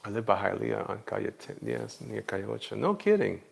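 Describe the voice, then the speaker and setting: Gravelly low male streamer, relaxed and jokey, talking to chat while drawing. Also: a little fast. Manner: laid-back, jokey, chatty with viewers. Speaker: livestream artist. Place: Florida.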